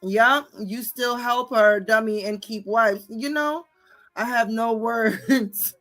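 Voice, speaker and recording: Woman, bright forceful voice, fairly high, cursing rant, faint music behind. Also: slow pace. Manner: profane, confrontational, repeats "okay?" and "bitch". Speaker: livestream host. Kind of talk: heated livestream rant reading viewer comments.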